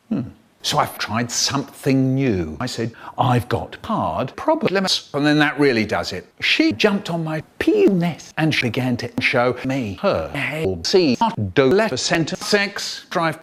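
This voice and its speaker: Slow, lively man telling absurd stories. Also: mid-range voice. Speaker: comedy voiceover narrator. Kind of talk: absurd comic storytelling.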